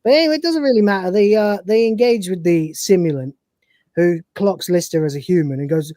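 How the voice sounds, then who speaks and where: Woman co-host, casual and swearing, lowish pitch, dry close mic. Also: brisk, warm tone, dry recording. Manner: rambling, profane and chatty, acting out scenes. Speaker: podcast co-host. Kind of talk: casual live-stream episode recap.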